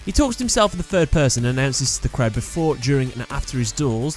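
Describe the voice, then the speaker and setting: A man's voice: mid-range voice, big pitch swings, fast, hardly any pauses, soft background music. A man hosting a video, reading out character trivia in a plain, matter-of-fact way. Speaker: host. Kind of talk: scripted narration of character trivia.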